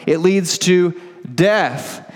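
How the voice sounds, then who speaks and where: A man's voice: high-pitched, extremely slow. A male pastor preaching a sermon, explaining scripture and asking rhetorical questions. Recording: long hall reverb.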